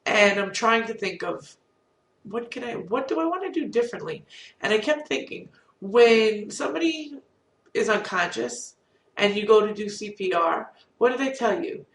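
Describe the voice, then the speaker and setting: A woman's voice: medium pitch, animated, moderate pace. A middle-aged woman with a cold, telling a rambling, candid, self-deprecating story to camera as a vlogger. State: has a cold. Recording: roomy echo, distant from mic.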